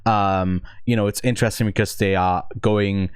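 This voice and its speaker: Podcast co-host, male, low and smooth-voiced, dry close-mic sound, halting and reflective as he reviews films. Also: steady tone, no echo. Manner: thinks aloud, hesitant with many restarts. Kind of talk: casual film review chat.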